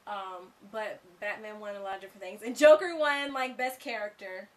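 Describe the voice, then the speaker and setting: A woman's voice: mid-range voice, steady tone, moderate pace, far from the mic. A woman co-hosting a casual video game review, gushing and enthusiastic and often repeating herself. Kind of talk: casual chat.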